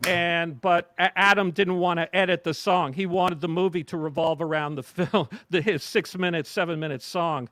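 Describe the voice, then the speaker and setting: High-voiced rambling man. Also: steady tone, moderate pace, hardly any pauses, a bit bright, no echo, studio quality. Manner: rambling anecdotes with fillers. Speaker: guest musician. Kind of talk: casual interview chat.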